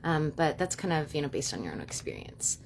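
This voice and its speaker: A young woman hosting a live stream from home, talking quickly and casually with lots of "you know" and "like". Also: deep voice, big pitch swings, gravelly, slight background noise. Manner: fast, chatty, many fillers like "you know" and "like". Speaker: livestream host and witch.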